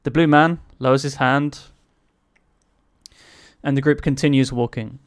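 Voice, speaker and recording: Guy running a tabletop game, slow and halting, clean dry sound. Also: mid-range voice, fairly even intonation, clean tone, dry recording. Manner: hesitant, many fillers, chuckling. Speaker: game master.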